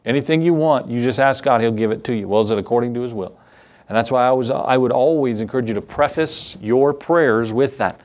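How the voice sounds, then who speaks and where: A man's voice: medium pitch, a little fast, a little mellow. A man preaching an evening sermon in a folksy, conversational way, reading verses aloud and chuckling now and then. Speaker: pastor.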